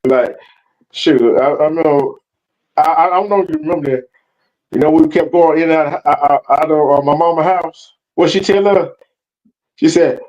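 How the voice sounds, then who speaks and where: A man's voice: fairly high pitch, moderate pace, darkish tone, muffled recording. A man on a live stream panel, chatting casually, backing up the host and starting his lines with stammered repeats. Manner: chimes in with agreement, stammering starts. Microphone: video call.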